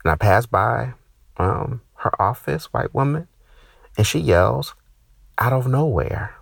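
Stand-up comic, man in his thirties, lively swooping delivery, gravelly, dry close sound. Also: slow, no room sound. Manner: animated, profane, ranting with sudden high-pitched outbursts. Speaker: stand-up comedian. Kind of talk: stand-up comedy set.

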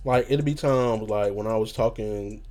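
A man with a dark, mellow tone, hoarse from just waking up, rambles through a laid-back story with laughs and constant asides. Faint music plays behind him. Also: lowish voice, moderate pace. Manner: rambling, laughing, peppers talk with "you know what I'm saying". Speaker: podcast host. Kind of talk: casual storytelling monologue.

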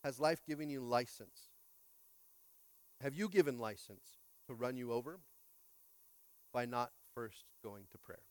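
A man preaching an energetic sermon as pastor, swinging from hushed prayer to loud calls and often asking the congregation to respond. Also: mid-range voice, unhurried, long pauses, smooth, no room sound.

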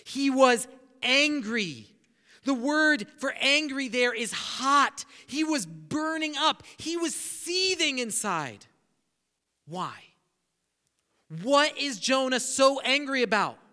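A man with a very high, bright voice preaches a sermon in an animated way, putting questions to his listeners and pausing for their answers. His voice rings out in a long hall reverb. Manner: animated, asks the audience questions.

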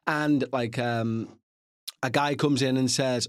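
A man's voice: mid-range voice, sing-song, a little slow, dry recording, clean studio sound. A man hosting a podcast, chatting casually and rambling through asides, with the odd swear. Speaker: podcast host. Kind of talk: casual chat to listeners.

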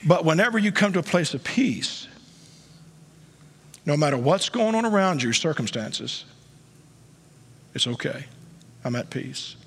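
A male pastor preaching a sermon, with emphatic delivery that swings between quiet asides and loud peaks, recorded in a church. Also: medium pitch, creaky, slight background noise. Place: church sanctuary. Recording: long church hall reverb.

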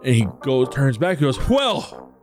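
Easygoing game master, male, animated delivery, music bed. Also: medium pitch, normal speed. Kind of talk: narrating a tabletop game.

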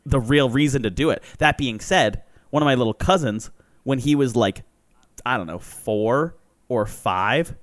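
A young man chatting casually on a podcast, rambling through childhood stories with quick laughs. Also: mid-range voice, dry recording. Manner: rambling storytelling with acted quotes and laughs. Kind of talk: casual chat.

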